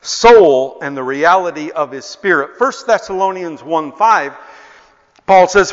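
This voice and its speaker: An older male pastor preaches with passion in a high, bright voice and an unhurried delivery. The sound is dull and lo-fi, with a long echo from a large hall. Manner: impassioned storytelling, rising to near-shouts. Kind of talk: sermon.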